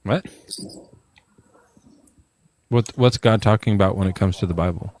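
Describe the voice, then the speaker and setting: A man's voice: on the low side, a little slow, a little mellow. A man hosting a late-night stream, chatting casually and questioning a caller about scripture, sometimes reading verses aloud. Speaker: stream host. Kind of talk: casual debate chat.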